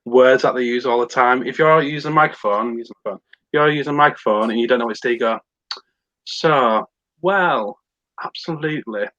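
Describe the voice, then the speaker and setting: A man talking as a guest entertainer in a casual podcast chat, animated and slipping into voices as he explains. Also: mid-range voice, quick pace, no echo, dull audio.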